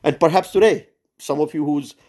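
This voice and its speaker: A man leading a Bible study over a video call, preaching urgently with many pauses and fillers. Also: fairly high pitch, darkish tone. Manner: earnest and urgent, frequent "uh" and "right?" fillers. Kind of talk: sermon-style Bible teaching. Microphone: Zoom call.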